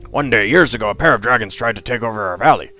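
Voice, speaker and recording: A man's voice: on the low side, quick pace, pushed and bright, faint music behind. A man doing a chatty old guildmaster. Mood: friendly. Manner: chatty, reminiscing, friendly. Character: genial old male guildmaster, retired adventurer.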